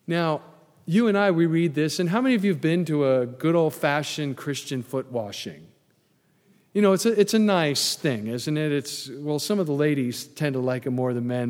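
A man's voice: fairly high pitch, normal speed, darkish tone. A male pastor delivering a conversational sermon with joking asides to his congregation. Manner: conversational preaching with asides and humor. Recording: long reverb in a large hall.

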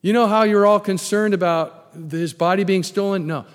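A man's voice: high voice, fairly even intonation, moderate pace, lightly acted. Man acting out Roman guards in a sermon, insistent report, reverberant hall. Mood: urgent. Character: frightened Roman tomb guards reporting, men.

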